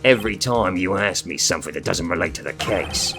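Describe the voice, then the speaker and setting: A gruff, bellowing loan-shark thug from a video game, put on by a man. He barks in an exaggerated Brooklyn drawl, the voice gravelly and low underneath. Tough-guy slang runs through every line. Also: lively intonation, a little fast, over music. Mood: threatening. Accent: put-on Brooklyn gangster. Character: brash loud male loan-shark gangster.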